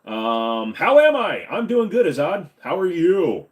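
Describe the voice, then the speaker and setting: A man's voice: a little high, big pitch swings, measured pace. A man in his forties hosting a casual live-stream Q&A at his computer desk, reading comments aloud and joking and teasing. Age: 40s.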